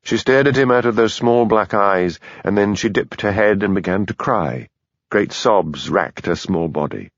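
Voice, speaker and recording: A man narrating an audiobook in a measured, even way. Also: on the low side, dry recording, lo-fi sound. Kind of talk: scripted narration.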